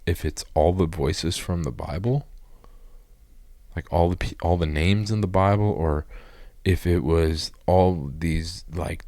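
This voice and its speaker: Low gravelly man, halting testimony. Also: darkish tone, no echo. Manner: halting, rambling storytelling full of "like" fillers and restarts. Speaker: guest giving a personal testimony. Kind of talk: emotional personal testimony.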